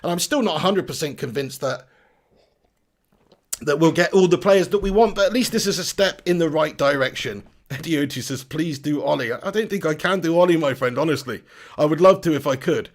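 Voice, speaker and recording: Gravelly, upbeat live-stream host. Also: male voice, fairly high pitch, brisk. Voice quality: energetic, chatty, reads viewer comments aloud. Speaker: football fan channel host.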